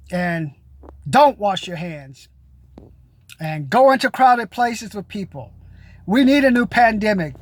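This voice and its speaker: A man's voice: sits high, no echo. A middle-aged man vlogging a blunt, provocative rant to his viewers. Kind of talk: casual rant to camera.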